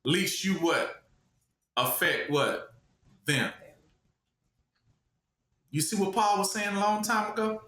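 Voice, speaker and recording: High, bright-voiced preacher in an echoey room. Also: male voice, expressive, a little slow. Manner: call-and-response questioning, emphatic. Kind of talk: sermon.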